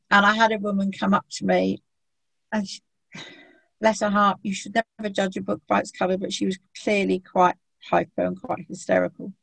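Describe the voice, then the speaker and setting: A woman's voice: medium pitch, creaky, husky, no room sound, low-quality recording. A woman telling a long, chatty story about treating dogs, acting out what people said to her. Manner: chatty anecdotal storyteller, acts out quotes. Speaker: dog remedy practitioner. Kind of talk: casual conversation, storytelling.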